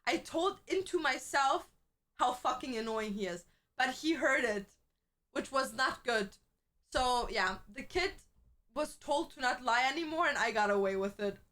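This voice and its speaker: A young woman streamer in casual chat, chatty and quick to laugh, swearing freely as she tells stories. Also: high voice, expressive, fairly bright tone.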